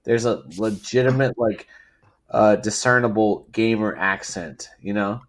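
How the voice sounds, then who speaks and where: A man's voice: on the low side, measured pace. A man from England joking around with friends on a podcast, profane and insistent as he makes his case. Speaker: podcast co-host. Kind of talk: casual podcast banter.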